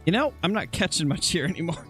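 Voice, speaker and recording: A man hosting a relaxed gaming chat with friends, talking in a chatty, playful way. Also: high-pitched, fast talker, faint music behind. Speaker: channel host playing a hunting game.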